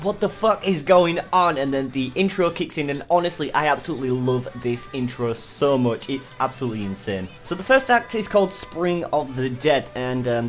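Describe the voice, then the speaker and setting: A young man casually reviewing an anime, chatty and enthusiastic, with lots of fillers. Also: mid-range voice.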